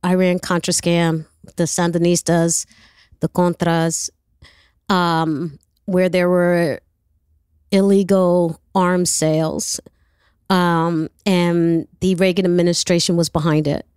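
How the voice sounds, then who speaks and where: Lively New woman telling stories. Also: fairly low pitch, takes it slowly, clean tone, dry recording, studio quality. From New York. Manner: animated, lively storyteller who acts out dialogue. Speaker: actress guest. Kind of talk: interview storytelling.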